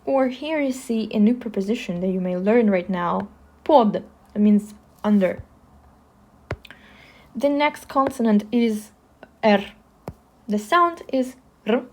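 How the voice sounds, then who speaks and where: A woman with a Russian accent teaching the alphabet in a slow, careful lesson, pausing often to spell out sounds. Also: medium pitch, darkish tone. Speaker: language teacher.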